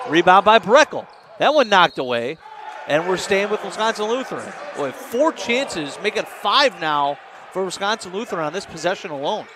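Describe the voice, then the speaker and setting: A man calling live basketball play-by-play, quick and excitable, rising on big plays. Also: high-pitched. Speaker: play-by-play announcer. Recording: noisy gym broadcast.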